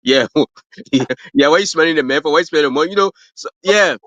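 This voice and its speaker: A man's voice: on the high side, fast, sharp tone, no echo. A man from Africa with an African accent, a guest chatting casually on a livestream, rambling with lots of fillers and restarts. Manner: rambling, full of fillers and restarts, laughs at his own stories. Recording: dull lo-fi, dry stream audio.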